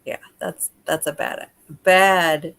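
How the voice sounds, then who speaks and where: A chatty American woman runs a casual livestream, greeting viewers by name and talking them through the session. Her voice sits a little low for a woman. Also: steady tone, takes it slowly, a bit bright. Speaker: energy healer hosting a livestream.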